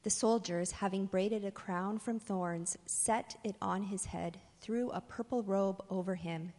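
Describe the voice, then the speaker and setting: A woman reading a scripture passage aloud in an even, unhurried way. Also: mid-range voice, long reverb tail. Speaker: scripture reader.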